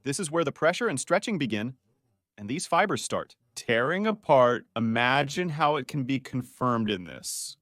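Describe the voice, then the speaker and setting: A doctor gives a lively, playful video lesson on spine health, quizzing his viewers as he goes. He speaks at a moderate pace with a medium-pitched voice, in studio-quality sound without echo.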